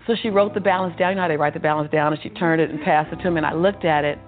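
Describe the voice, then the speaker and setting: A woman guest telling her life story in a lively, motivational way, acting out the dialogue and laughing often. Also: low-pitched, very fast. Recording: tinny phone-like sound with faint music.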